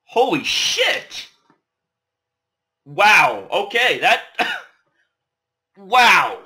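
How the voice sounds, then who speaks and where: A man with an unusually high voice and a very bright, piercing tone hosts a casual reaction video. His pitch swings around a lot as he rambles and swears. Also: very slow. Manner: excitable, swears freely, rambling.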